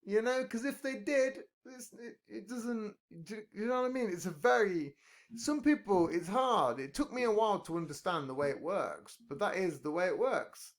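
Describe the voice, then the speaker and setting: A man's voice: sits high, animated, normal speed. A man in casual podcast chat, rambling and profane, joking a lot. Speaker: podcast talker.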